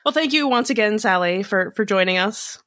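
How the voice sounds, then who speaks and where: A woman's voice: medium pitch, expressive, fairly quick, a bit bright, dry recording, studio quality. A woman co-hosting a podcast in casual chat, speculating and hedging as she thinks aloud. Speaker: podcast co-host.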